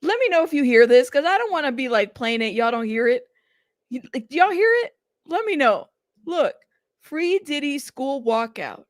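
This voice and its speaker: A woman's voice: sits high, sing-song, normal speed, no room sound, clean studio sound. A woman hosting a casual reaction commentary stream, chatty and exasperated, often laughing. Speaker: commentary channel host.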